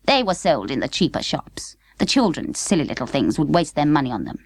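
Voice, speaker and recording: A woman's voice: on the low side, sing-song, moderate pace, darkish tone, no room sound. A woman voicing a vain walking doll with a French accent, speaking in a prim, scornful manner with French phrases mixed in. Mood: sniffy.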